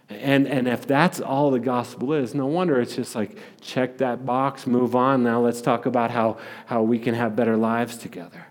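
A man's voice: mid-range voice, fairly even intonation, normal speed, few pauses, long reverb tail. A man preaching a sermon as a pastor, talking in a conversational way with frequent restarts and repeated words.

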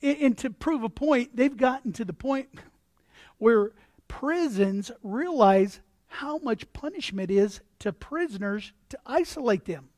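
A man preaching a sermon as pastor, animated, acting out voices and repeating words as he builds his points. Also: very high-pitched, measured pace, no echo, clean studio sound.

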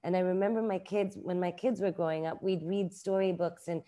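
A woman's voice: on the low side, fairly even intonation, brisk, dark tone. A middle-aged woman, an author and publisher, talking casually in an interview with many filler words. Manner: chatty, uses many "like" fillers.

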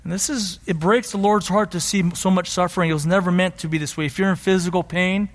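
A man's voice: sits high, fairly even intonation, fast talker. A middle-aged man preaching a sermon as pastor, teaching earnestly and building to emphatic passion. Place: church sanctuary. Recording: long hall reverb.

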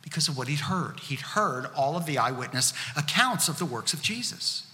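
Guy pastor preaching, kinda high and bouncy voice, big echoey hall. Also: animated, moderate pace, pushed and bright. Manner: earnest, conversational preaching with rhetorical questions. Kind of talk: sermon. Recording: reverberant hall.

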